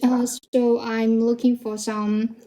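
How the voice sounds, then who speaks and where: Hesitant woman caller with an American-style accent who hunts for words; warm, slightly high voice. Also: little pitch movement, slow. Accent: American-style English. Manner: hesitant, searching for words with fillers. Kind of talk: halting question to a coach.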